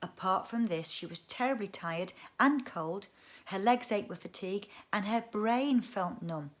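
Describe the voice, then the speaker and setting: A woman narrates a children's story aloud at a middle pitch. Her reading is expressive, and she slips in chatty little asides to the listener. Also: unhurried. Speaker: audiobook reader.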